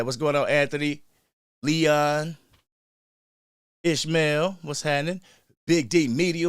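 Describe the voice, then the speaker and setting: A man hosting a live-stream game reaction, excitable and hyped, bantering quickly with his chat. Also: medium pitch, no echo, clean studio sound. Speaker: fan channel host.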